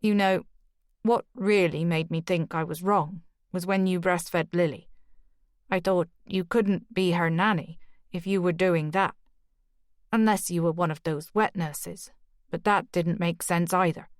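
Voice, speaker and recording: A woman's voice: fairly low pitch, steady tone, unhurried, dry recording, studio quality, lightly acted. A woman reading the lines of a sheepish, apologetic Irish man in an audiobook. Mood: friendly. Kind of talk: audiobook character dialogue.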